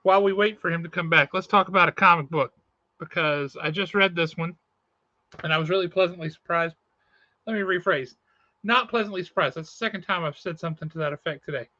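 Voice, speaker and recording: A man's voice: sits high, a little fast, pushed and bright, dry recording, lo-fi sound. A man hosting a comic shop podcast over a video call, chatting casually and reviewing comics in an easygoing, self-correcting way.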